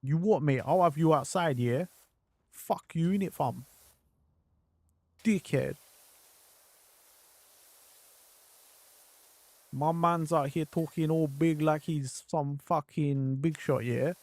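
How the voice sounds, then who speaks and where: A man's voice: on the high side, measured pace, darkish tone, no echo. A man voicing an aggressive young male London street tough, taunting and threatening in heavy slang. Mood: menacing.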